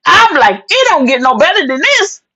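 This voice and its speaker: A husky-voiced woman hosts a wrestling recap, her pitch set a little high and swinging widely as she acts out every exchange. She talks with sassy flair, calling her listeners "honey." The recording sounds dull and lo-fi. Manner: animated, sassy storytelling with "honey" asides and acted-out quotes. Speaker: wrestling show recap host. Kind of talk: excited casual wrestling recap.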